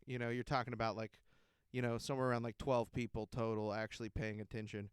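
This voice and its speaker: A man with a smooth, clear voice tells a comedic story on his podcast, rambling through it. He laughs often and swears freely, recorded close on a dry mic. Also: mid-range voice, dry recording. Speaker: podcast host.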